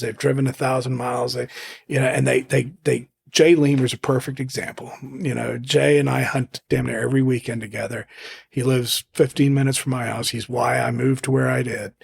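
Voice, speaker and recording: Gravelly raspy man telling falconry stories. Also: medium pitch. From Zimbabwe. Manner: rambling, animated anecdotes with many restarts. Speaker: podcast guest, falconer. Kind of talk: casual storytelling interview.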